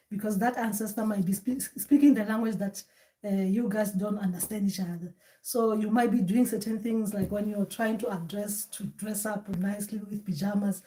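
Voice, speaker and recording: Woman, spiritual teacher, loose and conversational delivery, average pitch. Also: warm tone. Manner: conversational, with many fillers and restarts.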